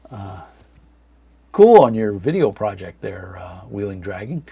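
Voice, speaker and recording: A man in his thirties hosting a casual live chat from a dark room at home, rambling with many fillers and reading chat comments aloud. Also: lowish voice, sing-song, unhurried, creaky, husky, dry recording. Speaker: livestream host.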